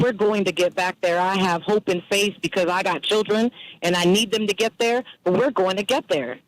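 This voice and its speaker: A man's voice: high voice, fairly bright tone, low-quality recording. A man speaking as a talk show guest, earnest and reflective, building to a hopeful point.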